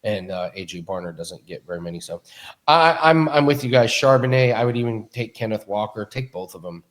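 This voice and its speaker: A man's voice: fairly low pitch, lively intonation, brisk. A man hosting a sports betting podcast, chatty and easygoing, passing questions to his co-hosts. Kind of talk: casual sports betting chat.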